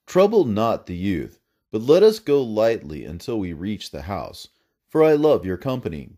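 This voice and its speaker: A man's voice: fairly low pitch, huge pitch swings, moderate pace, mellow. A man reading as a humble, pleading archangel. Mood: earnest. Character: male archangel, humble and gentle messenger.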